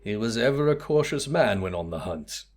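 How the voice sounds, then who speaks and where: A man putting on a pompous gentleman inspector. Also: fairly low pitch, expressive, moderate pace, natural voice. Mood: dramatic. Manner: grandiose, old-fashioned formal speech.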